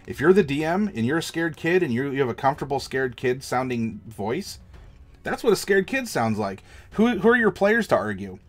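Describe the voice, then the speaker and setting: An American game master and streamer offers tabletop storytelling advice in a livestream chat. His medium-pitched voice moves at a normal speed with big pitch swings, and his delivery is enthusiastic and demonstrative.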